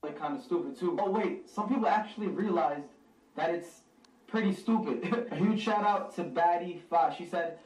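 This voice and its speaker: Male vlogger, high pitch, heard from a distance in an echoey room; defensive, exasperated. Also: moderate pace, a little mellow. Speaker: YouTuber. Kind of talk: casual vlog talk. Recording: roomy sound from a distance.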